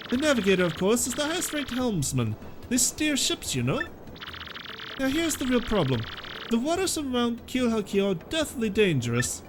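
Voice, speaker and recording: A man's voice: very high-pitched, wildly swooping pitch, normal speed, heavily acted. A man voicing a pompous, flamboyant merchant sailor in a vague, made-up foreign accent, reading game dialogue over music. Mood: boastful. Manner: grandiose, theatrical, vague foreign-sounding accent.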